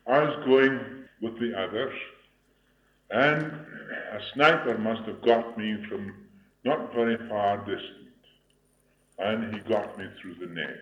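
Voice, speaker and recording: An older man preaching and telling a personal story in a solemn, measured way, with a troubled throat that he clears now and then. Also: fairly low pitch. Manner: solemn, measured, deliberate delivery. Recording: dull lo-fi recording in an echoey room.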